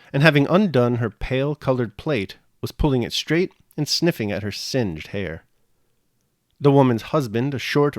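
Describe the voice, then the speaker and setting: A man reading a classic novel aloud in a measured, even way. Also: medium pitch, no echo, studio quality. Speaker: audiobook reader.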